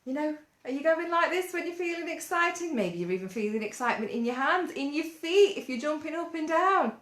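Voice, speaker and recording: A woman leading a gentle mindfulness lesson for children, coaxing them along with lots of playful questions. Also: sits high, lively intonation, fairly quick. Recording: roomy echo.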